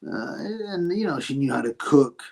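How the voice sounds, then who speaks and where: A man's voice: mid-range voice, expressive, moderate pace, vocal fry, darkish tone. A British man with an ordinary mid-range voice hosts a casual live chat. He reads each viewer question aloud, then fires back a blunt, crude answer. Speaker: livestream host answering chat.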